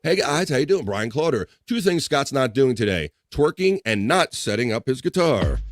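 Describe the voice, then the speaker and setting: A man's voice: medium pitch, sing-song, normal speed, no echo, studio quality. A man hosting a casual livestream, joking loosely and reading viewer comments aloud. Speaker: livestream host. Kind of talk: casual live chat.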